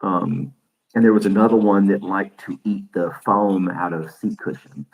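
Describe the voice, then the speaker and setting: Deep-voiced man rambling on his podcast. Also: steady tone, moderate pace, creaky, phone-quality sound. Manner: rambling, chuckles often. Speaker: podcast host. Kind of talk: casual live-stream chat. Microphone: desk microphone.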